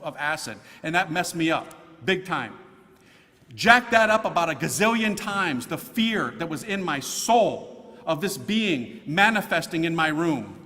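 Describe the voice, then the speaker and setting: A man's voice: a little high, pushed and bright, long reverb tail. A man, a priest, telling his conversion story to an audience in an emphatic, slangy way. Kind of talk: conversion testimony talk to an audience.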